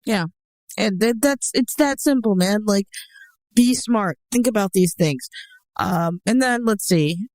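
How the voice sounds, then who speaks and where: A woman's voice: mid-range voice, measured pace, a little mellow, no room sound. Young woman co-host, blunt and sarcastic, swears a lot, dry close sound. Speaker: co-host of a dating advice show. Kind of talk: casual chat.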